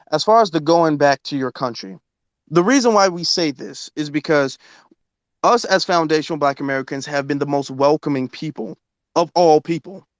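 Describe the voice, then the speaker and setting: A man hosts a live Twitter space discussion, pressing his argument in an insistent, lecturing manner into a phone mic. His voice sits on the high side, and the recording has no room sound.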